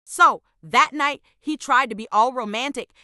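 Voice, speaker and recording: Woman, scripted storytime narration, exasperated, sarcastic, slightly high voice, dry sound. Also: unhurried, bright, forceful tone, clean tone, dry recording.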